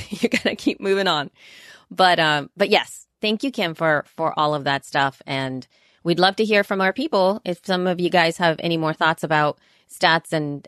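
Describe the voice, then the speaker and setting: A woman's voice: sits low, a bit bright, no echo, studio quality. A woman co-hosting a podcast in casual chat, talking at length with frequent restarts. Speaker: podcast co-host.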